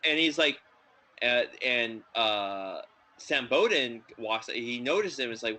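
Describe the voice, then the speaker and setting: In this low-quality recording, a man hosts a podcast and chats casually about films, rambling excitably and leaning heavily on filler words. His voice is medium in pitch and his speed is normal.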